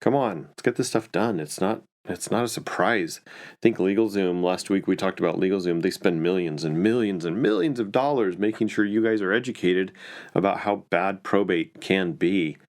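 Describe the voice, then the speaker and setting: A man's voice: low voice, normal speed, darkish tone. A man who is an estate planning and probate attorney, telling a story casually with many fillers and restarts.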